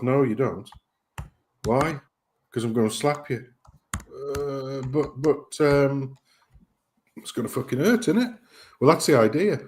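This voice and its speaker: A man's voice: mid-range voice, unhurried, pauses often, a little mellow, a little hiss or hum. A man hosting a casual live-stream chat, hesitant with lots of fillers, swearing and laughing as he tells a joke. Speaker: host.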